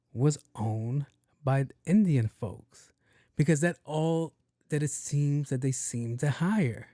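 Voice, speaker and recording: A man's voice: mid-range voice, dark tone, no echo, clean studio sound. A young man hosting a podcast, telling a rambling, profane story and acting out both sides of the conversation. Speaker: podcast host. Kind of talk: casual storytelling monologue.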